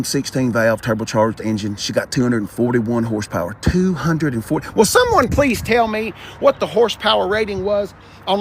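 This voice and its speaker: A man vlogging on a car dealership lot, chatty and animated, talking to the cars and his viewers. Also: on the high side, slight background noise. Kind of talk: live-streamed dealership walkaround.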